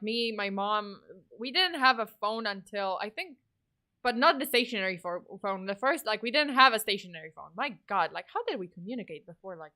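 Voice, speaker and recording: A woman in her thirties from Poland chats on her livestream in a loose, rambling way. She swears freely and laughs often. Her voice is bright and sits a little high. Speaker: streamer. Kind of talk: casual livestream chat.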